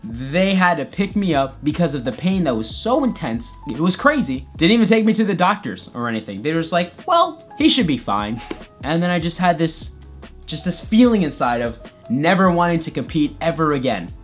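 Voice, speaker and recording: A man's voice: on the high side, animated, brisk, faint music behind. A man vlogger narrating a comedic personal story in a playful, exaggerated way.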